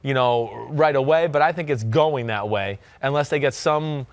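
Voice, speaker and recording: A man in his thirties with a New Jersey accent, hosting a sports podcast in loud, animated casual chat. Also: mid-range voice, moderate pace, no echo. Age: 30s. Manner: loud, animated, talks with filler and restarts. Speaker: podcast host.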